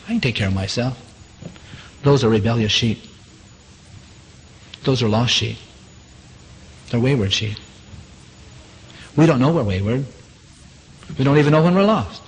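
An earnest male preacher delivers a sermon, circling back to the same phrases and firing rhetorical questions at the congregation. His voice sits at an ordinary middle pitch. A faint hiss runs under the recording. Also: low-quality recording.

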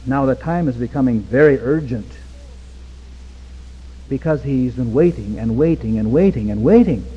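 A man preaching a sermon with passion, swinging from hushed pleading to near-shouting. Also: mid-range voice, animated, moderate pace, slightly rough, faint music behind. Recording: dull recording with long hall reverb.

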